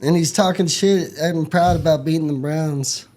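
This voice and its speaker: A man's voice: a little high, moderate pace, darkish tone. A man in a casual sports chat, rambling and heated with slang as a diehard fan. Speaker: sports podcast co-host.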